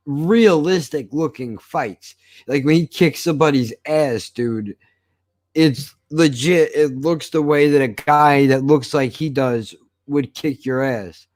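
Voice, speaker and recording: Man ranting casually, swearing. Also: mid-range voice. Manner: swears constantly, animated storytelling. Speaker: show reviewer. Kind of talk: casual profane rant.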